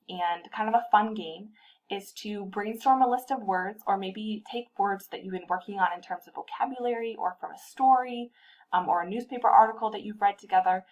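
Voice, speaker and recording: Woman explaining a tutor tip, calm and clear, says example words slowly and carefully. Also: medium pitch, poor audio. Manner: clear, patient teacher modeling word stress slowly. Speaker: literacy tutor trainer.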